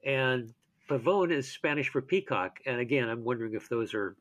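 A man's voice: medium pitch, lively intonation, normal speed, a bit bright. A male interviewer asking thoughtful questions, hesitant and full of fillers.

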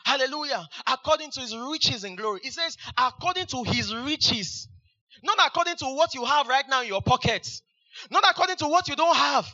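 Male pastor, very high and bright, hallelujah-heavy sermon delivery, on a dull lo-fi recording. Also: animated, fairly quick. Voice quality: frequent hallelujahs, repeats phrases for emphasis.

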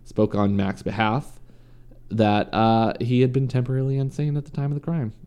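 A man's voice: mid-range voice, little pitch movement, moderate pace, warm tone, clear, resonant tone. A man reading a story aloud in a casual way, stumbling and correcting himself now and then. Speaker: podcast host reading a story. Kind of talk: casual true-crime reading.

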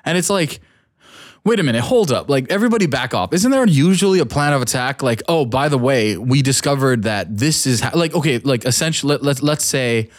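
A man's voice: mid-range voice, expressive, a little fast. A man in casual conversation who rambles and gets worked up, often restarting his sentences. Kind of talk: casual chat.

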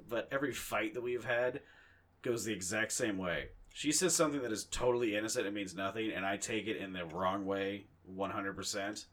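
A man's voice: fairly low pitch, moderate pace, fairly bright tone. A young man co-hosting a podcast in casual chat, telling rambling, profane, self-mocking stories. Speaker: podcast co-host.

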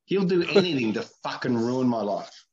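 A man's voice: medium pitch, animated, normal speed, dull audio, crowd noise. A man hosting a podcast in casual chat, with a blunt, opinionated and crude way of talking. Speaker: podcast host.

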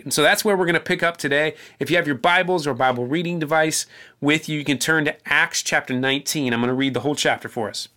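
A man's voice: a little high, pushed and bright. A man, a pastor, giving a conversational sermon, telling stories with small restarts and then reading scripture aloud.

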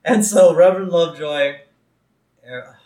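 A man co-hosting a podcast in a casual recap chat, laughing often and jumping up in pitch when he quotes characters. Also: a little slow, warm tone, roomy sound, rough recording. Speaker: podcast co-host.

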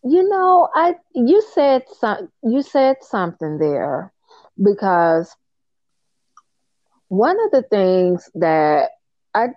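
A woman's voice: medium pitch, very animated, slow, pauses often, no echo. A woman hosting an interview, speaking candidly and with emphasis. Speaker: podcast host. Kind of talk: conversational interview. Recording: dull, slightly lo-fi audio.

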